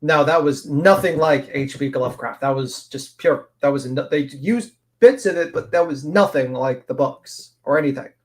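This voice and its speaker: A man's voice: a little high, moderate pace, few pauses. A man chatting on a live stream, rambling and thoughtful as he explains his ideas, swearing casually.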